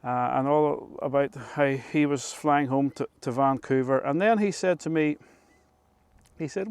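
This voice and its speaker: A middle-aged man with a Northern Irish accent telling a story to camera in an unhurried, chatty way, often restarting his phrases. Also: mid-range voice, a little mellow, clear, resonant tone, dry recording. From Northern Ireland. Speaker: vlogger. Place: rooftop of an old control tower, outdoors.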